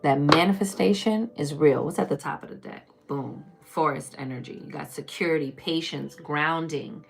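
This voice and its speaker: Deep-voiced tarot lady preaching to her viewers, calls everyone baby, gets loud then mutters, soft music behind. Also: normal speed, gravelly, few pauses, husky. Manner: chatty and preachy, calls listeners baby and y'all; swings between loud emphatic bursts and low murmurs. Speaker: tarot reader. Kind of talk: casual spiritual reading on a live stream.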